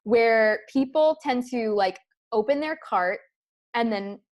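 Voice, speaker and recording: A woman's voice: a little high, takes it slowly. A woman hosting a coaching podcast interview, chatty and casual with slang and swearing. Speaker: host, business coach.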